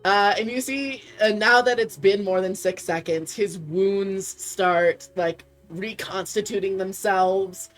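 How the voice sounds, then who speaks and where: A woman game master narrates a tabletop game in a relaxed, chatty way, peppering her lines with fillers and easy laughter. Faint music sits under her voice. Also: mid-range voice, takes it slowly, hardly any pauses.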